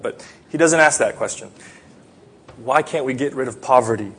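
A man preaching at a baptism, earnest, swinging from quiet teaching to loud pleading prayer. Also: mid-range voice, moderate pace, long pauses, slight background noise. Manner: earnest, rises to loud pleading prayer then drops soft. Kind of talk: sermon.

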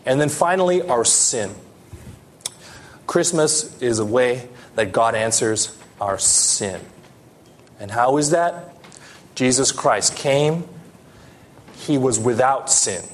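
A male pastor delivering a sermon at an unhurried pace, his voice pitched in an ordinary middle range. He talks earnestly, lifting his voice to stress a point, then dropping it low and soft. Faint room ambience sits behind him. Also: lively intonation, slight background noise. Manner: earnest, rising emphasis and soft drops.

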